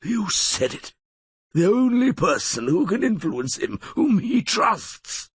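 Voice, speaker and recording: A man's voice: high voice, very animated, takes it slowly, slightly rough, no echo, exaggerated voice. A man doing a sneering, scheming sickly lawyer. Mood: scornful. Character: scheming sickly male lawyer, sardonic and cunning.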